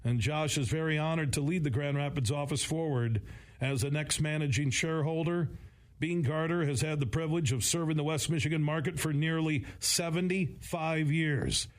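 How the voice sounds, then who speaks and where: A man reading a radio advertisement in a steady, measured announcer style. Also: fairly high pitch. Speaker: radio ad reader.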